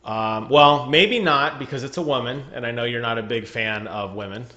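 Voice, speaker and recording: A man's voice: medium pitch, normal speed, pushed and bright, highs cut off. A man chatting casually on a gaming podcast over a remote call, joking and laughing often. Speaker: podcast co-host.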